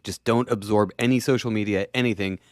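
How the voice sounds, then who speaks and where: A man's voice: lowish voice, steady tone, a little fast, darkish tone, no echo, studio quality. A man hosting a casual podcast, joking with wry quips.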